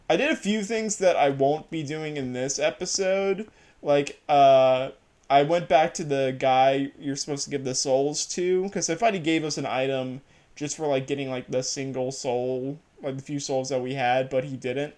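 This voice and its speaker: A man's voice: on the high side, normal speed, a little mellow. A man casually commentating his gameplay, rambling and laughing at himself. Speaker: let's play host.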